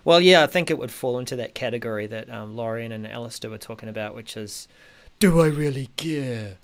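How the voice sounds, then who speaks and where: A man hosting a podcast in casual tech chat, hesitant with many ums, often trailing off softly. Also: mid-range voice, steady tone, fast talker, smooth. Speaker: podcast host.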